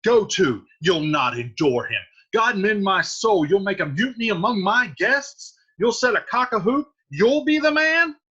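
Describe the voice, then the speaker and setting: A man's voice: high-pitched, lively intonation, normal speed, pushed and bright, breathy edge, dull audio, pitched above the performer's own voice, full character voice. A man voicing a commanding older head of a household who scolds a younger relative with authority. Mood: scolding.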